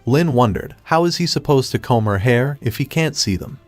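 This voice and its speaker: A man narrating a scripted comic recap in a steady, even storytelling read. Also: medium pitch, normal speed, no echo, faint music behind.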